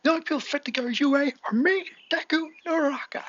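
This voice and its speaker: A woman's voice: high-pitched, fast, voice pushed up, lightly acted. A woman doing a scornful arrogant boy rival. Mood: boastful. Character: arrogant young male rival, boastful. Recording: lo-fi, faint hiss.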